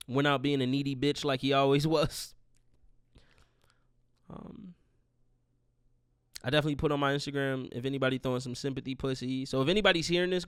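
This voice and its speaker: A man's voice: mid-range voice, fairly bright tone, clean tone, no room sound, studio quality. A young man hosting his podcast alone, in a profane, rambling rant. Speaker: podcast host. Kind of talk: casual solo monologue.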